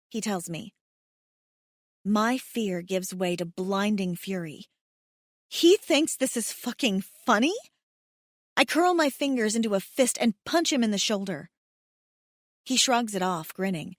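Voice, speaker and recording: A woman's voice: mid-range voice, a little slow, no echo, studio quality. A woman narrating a first-person romance audiobook in an emotional, heated way that includes swearing.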